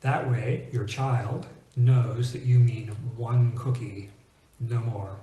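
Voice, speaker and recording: A man teaching English pronunciation in a clear, deliberate way, slowing down to stress example words. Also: medium pitch, fairly even intonation, warm tone, reverberant. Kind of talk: scripted teaching monologue.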